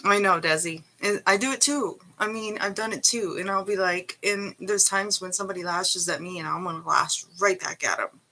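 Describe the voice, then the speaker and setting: A woman with a lowish voice, bright and forceful in tone, chatting straight to her viewers. She rambles earnestly and warmly reassures them, with plenty of fillers and restarts. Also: normal speed, hardly any pauses, poor audio. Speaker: vlogger. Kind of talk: casual vlog chat to viewers.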